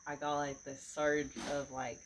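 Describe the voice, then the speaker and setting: Low-voiced woman telling a rambling story. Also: little pitch movement, unhurried, background noise. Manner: rambling, lots of "like" and "bro", laughs often. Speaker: podcast co-host. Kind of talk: casual storytelling chat.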